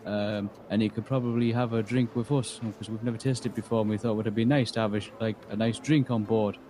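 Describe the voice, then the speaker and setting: A man's voice: lowish voice, steady tone, fast talker, warm tone, slight background noise, poor audio. A man, game master telling an in-character story in a rambling way, acting out quoted lines. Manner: rambling, full of restarts and acted-out quotes.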